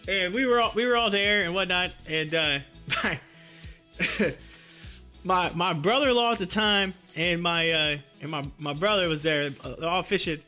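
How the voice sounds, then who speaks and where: A man hosting a casual live stock-trading stream, excitable and laughing often. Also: sits high, normal speed, faint music behind. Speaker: livestream host.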